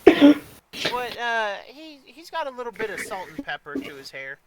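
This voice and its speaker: A man's voice: sits high, a little slow, poor audio. A man narrating a tabletop role-playing session as dungeon master, talking loosely with lots of ums and uhs. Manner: relaxed narration with many fillers.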